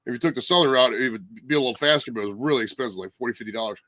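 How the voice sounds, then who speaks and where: A man's voice: mid-range voice, rapid-fire, pushed and bright, dry recording. A middle-aged man from Ohio, a military veteran, chatting on a livestream video call in a rambling way, often correcting himself. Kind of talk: casual chat on a livestream.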